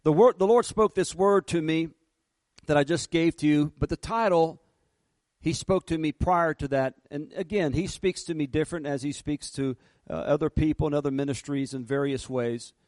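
A man preaching a fervent sermon, slowing down and rising in pitch and volume for emphasis. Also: darkish tone, dry recording. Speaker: pastor.

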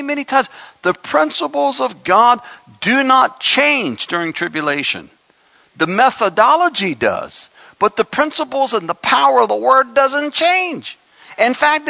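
Gravelly, bright-voiced man preaching. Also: high voice, no echo, muffled recording. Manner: emphatic preaching with asides and humor. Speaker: pastor. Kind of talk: sermon.

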